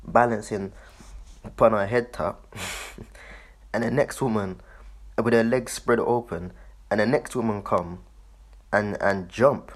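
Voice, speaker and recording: Husky low-voiced man commenting casually. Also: takes it slowly, pauses often. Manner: loose, swearing, laughs often, repeats words. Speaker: online commentator.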